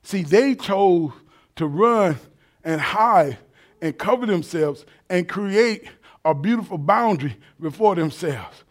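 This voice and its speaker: A man preaching a sermon in an animated, colloquial way, swinging from quiet asides to shouts. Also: high-pitched, slow pace.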